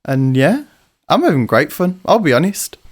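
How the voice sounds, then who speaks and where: A man's voice: a little high, sing-song, moderate pace. A man co-hosting a podcast, chatting in rambling, sweary, teasing banter. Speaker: podcast co-host. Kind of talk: casual banter.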